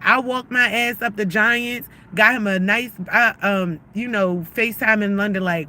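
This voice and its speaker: A woman's voice: medium pitch, normal speed, pushed and bright, a little hiss or hum. A woman giving a heated, profane, rambling rant on a live stream, often restarting her sentences. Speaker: livestreamer.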